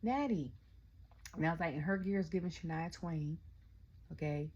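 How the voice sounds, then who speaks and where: A young adult woman, ranting casually about a wrestling event, telling it in animated quotes and often asking "okay?". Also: low voice, normal speed, husky, highs cut off. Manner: animated storytelling, quotes her own reactions, frequent "okay?". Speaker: wrestling review vlogger. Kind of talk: casual rant.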